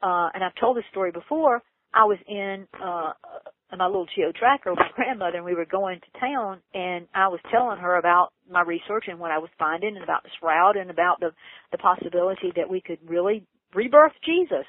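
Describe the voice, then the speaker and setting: A woman earnestly telling a personal story in an interview, her voice leaping high when she gets excited. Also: brisk. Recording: tinny phone line, dry.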